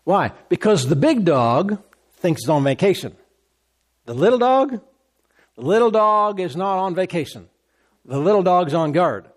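A man's voice: high-pitched, big pitch swings, a little slow, pauses often. A man preaching a sermon as a pastor, in a conversational tone, repeating phrases and asking the congregation "Amen?".

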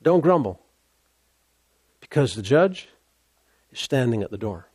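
A man preaching a sermon, emphatic and repetitive, pausing to stress his points. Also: medium pitch, sing-song, a little mellow, no room sound.

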